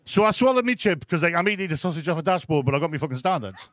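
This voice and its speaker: A Geordie man performs brash, crude stand-up on a club stage, checking in with the crowd after nearly every line. His voice sits high for a man. The sound is close and dry. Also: animated, very fast, fairly bright tone, no room sound. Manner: brash, crude storytelling with constant "right?" asides to the crowd. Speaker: stand-up comedian. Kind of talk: live stand-up set.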